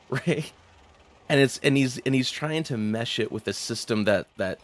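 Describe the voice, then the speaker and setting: Rambling, cursing male gamer chatting. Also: on the low side. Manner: rambling, profane, laughs often, many restarts. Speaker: streamer. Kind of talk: casual chat while gaming.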